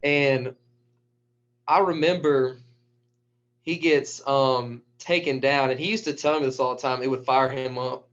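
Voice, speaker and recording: A man, a high school wrestling coach, telling stories in a casual, animated way and acting out the lines of people in them. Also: measured pace, pauses often. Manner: animated storyteller who acts out quotes. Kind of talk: casual storytelling. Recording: dull lo-fi recording.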